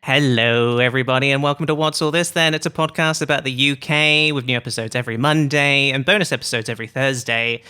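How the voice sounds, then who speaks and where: A woman's voice: very deep voice, fast talker, hardly any pauses, bright, forceful tone, clean tone. A woman hosting a casual podcast, joking and laughing easily. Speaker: host.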